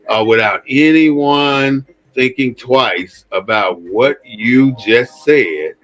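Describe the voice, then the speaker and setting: On a low-quality recording, a man with a medium-pitched voice hosts an impassioned commentary monologue. He's blunt, swears frequently and repeats phrases for emphasis.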